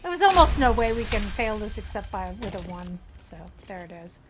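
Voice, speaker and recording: A woman's voice: medium pitch, big pitch swings, a little fast, background noise. An American woman streaming a video game, chatting casually and playfully, and laughing often. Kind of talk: casual gameplay commentary.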